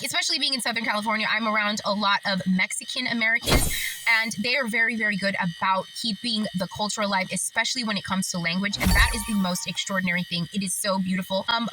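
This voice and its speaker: A woman telling a family story in a casual, reflective vlog, chatty and full of fillers and thoughtful asides. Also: mid-range voice. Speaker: author and storyteller. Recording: distant mic, steady background noise.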